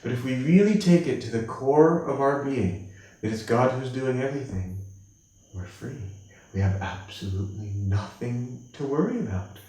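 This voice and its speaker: A man teaches a spiritual class in a gentle storytelling voice, slipping into quoted characters as he goes. His voice sounds far from the microphone, with a strong echo from the room. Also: mid-range voice, moderate pace. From United States. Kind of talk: spiritual class talk with acted anecdotes. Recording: echoey room from a distance.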